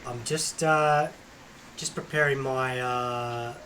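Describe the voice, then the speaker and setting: A man's voice: medium pitch, fairly even intonation, slow pace, bright, forceful tone, slight background noise. A man, co-hosting a casual sports chat, rambling and hesitant. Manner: hesitant, rambling, lots of restarts. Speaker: co-host. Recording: distant from the mic.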